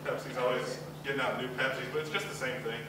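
A young man in his student-comic set speaks in a steady, mid-range voice, rambling, mocking himself, and slipping in fast acted-out asides. It's a university talent show, picked up by a distant, very echoey hall mic with background noise, crowd ambience, and laughter from the audience.

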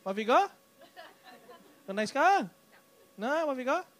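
His very high-pitched voice takes on a sing-song quality at a moderate pace. The stand-up comedian chats with people in the club audience, teasing them and cursing freely, while faint laughter carries in the background.

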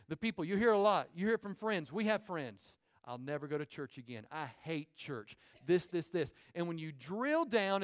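High-voiced preaching man. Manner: animated preaching, quick asides to the congregation. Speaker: pastor. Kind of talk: sermon. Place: church sanctuary.

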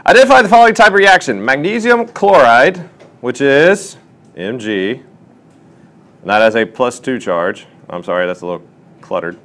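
Lively male chemistry tutor. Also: medium pitch, moderate pace. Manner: lively, questioning teacher talk. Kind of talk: classroom lesson.

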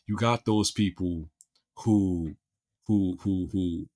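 A man's voice: deep voice, steady tone, takes it slowly, mellow. A male podcast host with a Philadelphia accent, chatting casually and restarting his sentences often with repeated words.

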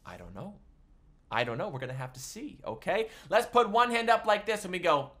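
Animated man leading a kids' music class. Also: high-pitched, fairly quick. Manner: animated, sing-song, talks to little children. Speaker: children's music teacher.

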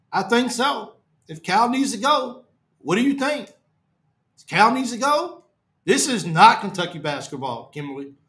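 A man hosting a fan podcast, ranting on a live stream in a distraught, halting way, repeating himself and trailing off low. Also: a bit bright. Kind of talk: emotional live-stream rant. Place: his apartment.

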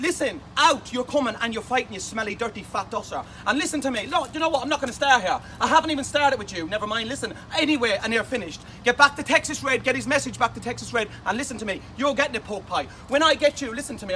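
A man with a Manchester accent delivering an aggressive, taunting rant to camera, shouting insults. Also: extremely high pitch. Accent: Manchester English. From England. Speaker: video ranter. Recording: voice from a distance with faint noise.

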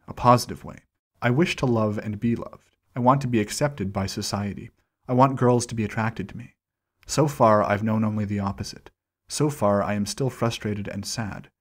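A man reading a personal journal aloud in a steady, measured first-person delivery, with dates read out slowly. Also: lowish voice, husky. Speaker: channel host reading a document aloud.

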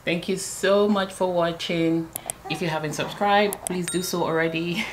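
A woman's voice: lowish voice, moderate pace, slight background noise. A woman vlogger and new mother telling her story in a chatty way, with many fillers and restarts. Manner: chatty, many fillers and restarts, animated when reliving moments. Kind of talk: casual vlog storytelling.

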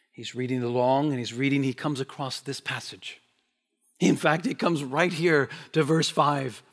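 A man giving a sermon as pastor, moving from loud, driving emphasis to quiet, hushed asides. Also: medium pitch. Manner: impassioned preaching, swinging between loud emphasis and quiet asides. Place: church sanctuary.

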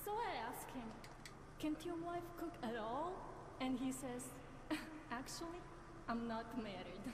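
A chatty, giggling woman in a video game, passing on gossip slowly and with amusement. Her unhurried voice sits a little high. It rings in a long, echoing reverb over background noise. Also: lively intonation. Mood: amused. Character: giggling woman gossiping about a flirty man.

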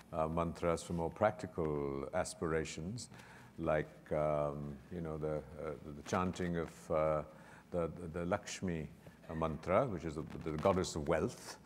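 A man moderating a panel discussion, halting and hesitant as he talks. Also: very deep voice. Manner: hesitant, many fillers and restarts. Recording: hall reverb, faint noise.

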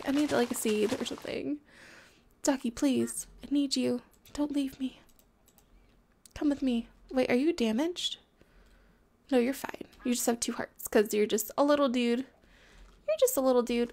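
High-voiced playful woman gaming. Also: moderate pace, long pauses. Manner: playful, talks to in-game animals, excitable outbursts. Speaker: gameplay commentator. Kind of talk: casual let's-play commentary.

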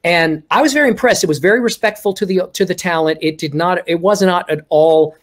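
A middle-aged man from Texas, speaking over a video call as a guest. His voice sits a little above the usual pitch for a man. He tells his stories casually, with lively acted-out quotes. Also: fairly quick. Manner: animated, acts out quoted speech. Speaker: guest ventriloquist. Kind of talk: casual interview storytelling.

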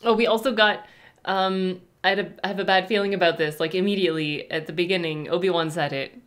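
A woman's voice: lowish voice, steady tone, quick pace, fairly bright tone. A young woman hosting a movie reaction, chatting casually and reading trivia in a gushing, rambling way.

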